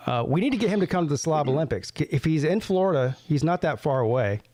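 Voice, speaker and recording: Co-host: man with a somewhat high, very lively voice, teasing and chatty. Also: fast, no room sound. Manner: teasing, animated questioning. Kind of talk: casual chat.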